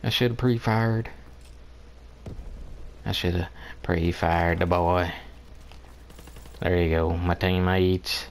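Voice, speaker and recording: A man's voice: deep voice, steady tone, slow, long pauses, clean tone. A man giving casual commentary over his own online shooter match, trash-talking opponents and laughing often. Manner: playful trash talk with frequent laughter. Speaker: gameplay commentator.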